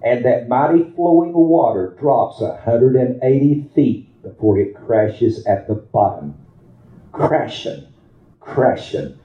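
A man preaching a sermon in a church, telling folksy stories and turning them into fervent exhortation. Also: medium pitch. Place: church sanctuary. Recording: roomy, dull lo-fi church recording.

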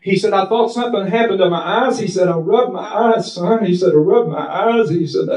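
A man's voice: high voice, fairly quick, a little mellow. A man preaching in a church, fervent and rhythmic, repeating his phrases. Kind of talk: sermon. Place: church sanctuary. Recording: echoey hall from far off.

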